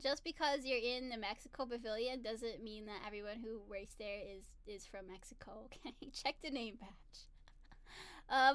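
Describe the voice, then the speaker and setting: A woman's voice: high-pitched, a bit bright, clear, resonant tone, no echo. A woman vlogger chatting casually to camera, giggling often and filling her talk with "like" and "um". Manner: chatty, giggly, lots of fillers. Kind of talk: casual chat.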